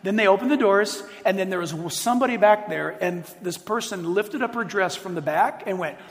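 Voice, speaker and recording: A middle-aged man preaching a sermon to a live audience, telling stories with animated, emphatic repetition. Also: high-pitched, fairly quick. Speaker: pastor. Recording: long hall reverb.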